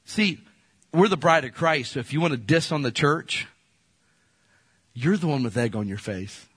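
A man preaching a sermon as a pastor, folksy and animated, often slipping into playful quoted voices. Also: on the high side, normal speed, breathy edge, no room sound.

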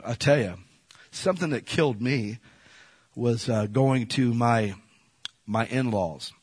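A middle-aged man preaching a sermon in church, talking in a conversational way that swings from loud to soft. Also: medium pitch, normal speed, husky. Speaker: pastor.

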